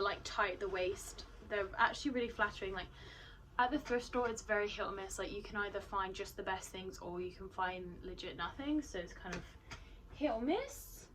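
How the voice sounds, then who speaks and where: A woman's voice: medium pitch, distant mic, slight background noise, rough recording. A woman showing off her clothes in a casual haul vlog, chatty and wry, with lots of "like" and "um". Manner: chatty, frequent "like" and "um", wry asides. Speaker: vlogger.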